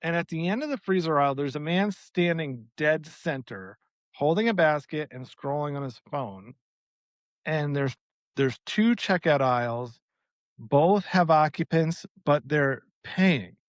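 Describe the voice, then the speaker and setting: A man tells a story on a podcast in an animated, exasperated way and swears freely. His voice sits a little high for a man. The recording is close and dry, with no room sound. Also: a little slow, dry recording. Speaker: podcast co-host. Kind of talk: casual storytelling chat.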